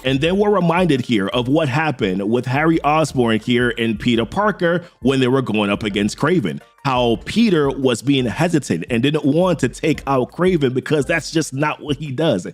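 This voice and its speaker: Animated man retelling a comic story. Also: mid-range voice, moderate pace, hardly any pauses, faint music behind. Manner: animated, slangy retelling that voices each character's lines. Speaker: comic book recap host. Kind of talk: casual comic story recap.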